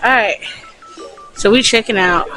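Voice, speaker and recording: A woman's voice: medium pitch, unhurried, sharp tone, faint music behind. A young woman vlogging casually into a phone held at arm's length, chatty and self-mocking, rambling and laughing often. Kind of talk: casual vlog chat. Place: bathroom and hotel, indoors.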